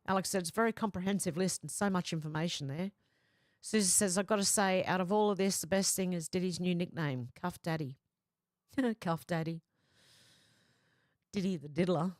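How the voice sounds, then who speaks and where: A woman's voice: on the low side, a little fast, dry recording, studio quality. A woman hosting a live stream, reading viewers' comments aloud and chatting back to them casually. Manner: chatty, reads comments in a flat running voice with asides.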